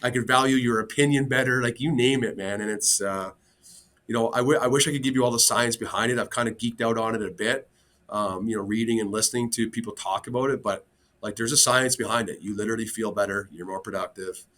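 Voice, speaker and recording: Male coach guest, low voice, earnest casual chat, lots of "um"s. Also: fast, a bit bright. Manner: earnest, open, many fillers. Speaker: hockey coach, podcast guest. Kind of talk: casual interview.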